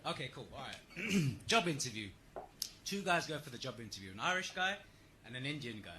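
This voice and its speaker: A man's voice: medium pitch, big pitch swings, a little fast, noisy background. A man telling a joke in a played clip, laughing through his own punchline.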